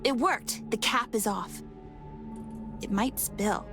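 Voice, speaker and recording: A woman voicing a young girl in a story game, frightened and pleading, her lines rising into shouting. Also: a little high, takes it slowly, music in the background. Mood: uneasy. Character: young girl haunted by guilt. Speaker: lead character.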